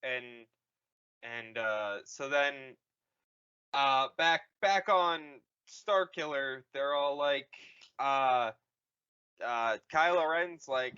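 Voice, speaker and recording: A man co-hosting a podcast, casually retelling a movie in a slow, rambling way with crude quoted voices. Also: mid-range voice, animated, sharp tone, smooth, highs cut off. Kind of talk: casual comedic chat.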